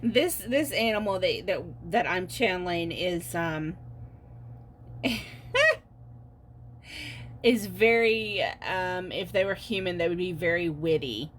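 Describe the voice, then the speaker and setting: Slow, low-voiced giggly tarot reader woman. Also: a little hiss or hum. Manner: giggly, halting with many fillers. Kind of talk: casual pick-a-card reading.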